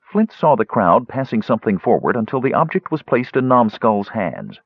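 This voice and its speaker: A man narrating a fantasy audiobook in an expressive storytelling manner. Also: mid-range voice, normal speed, husky, dry recording, dull audio.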